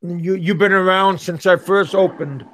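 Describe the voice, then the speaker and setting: A middle-aged man hosting a casual live stream, chatting with callers in a halting way, often repeating his words. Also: high-pitched, steady tone, fairly bright tone, a little hiss or hum. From USA. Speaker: streamer host.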